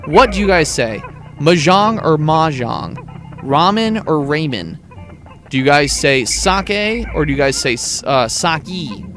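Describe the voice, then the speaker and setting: Young male gaming host, playful asides, voice a bit high, soft game music underneath. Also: very animated, slow. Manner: chatty, rambling, playful asides to viewers. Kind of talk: casual let's-play commentary.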